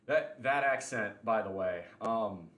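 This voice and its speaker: A man's voice: on the low side, measured pace, fairly bright tone, reverberant. A man hosting a livestream show, chatting casually and giving opinions at length, often restarting his sentences. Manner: rambling, opinionated, frequent restarts and fillers. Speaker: podcast host.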